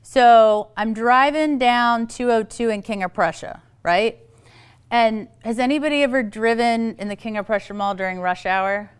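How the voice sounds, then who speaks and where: Female presenter, fairly high and smooth, animated storyteller who acts out the voices she quotes. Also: moderate pace. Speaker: speaker giving a parenting talk. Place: event hall.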